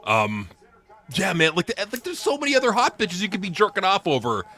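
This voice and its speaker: A man's voice: high voice, wildly swooping pitch, brisk, pushed and bright. A man co-hosting a casual watch-along chat, wisecracking and laughing. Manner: wisecracking, laughing, short replies. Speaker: co-host. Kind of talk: casual profane chat while watching wrestling.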